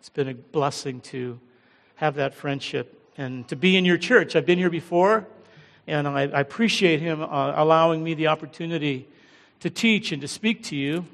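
Gravelly American preacher in a hall. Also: male voice, a little high, a bit bright. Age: middle-aged. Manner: humble, halting, with many fillers. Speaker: guest pastor. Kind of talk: sermon. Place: large church hall. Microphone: handheld or headset mic. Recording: long church hall reverb.

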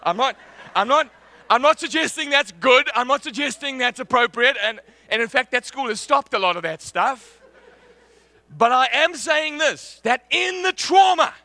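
High, gravelly-voiced animated preacher man. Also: normal speed. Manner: animated, laughing storyteller. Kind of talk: sermon with personal storytelling.

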